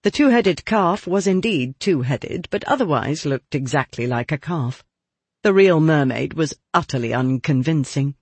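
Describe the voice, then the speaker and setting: A man reading a novel aloud as narrator, with expressive, lively storytelling. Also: on the high side, moderate pace, breathy edge, no echo. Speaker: audiobook narrator. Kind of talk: scripted narration.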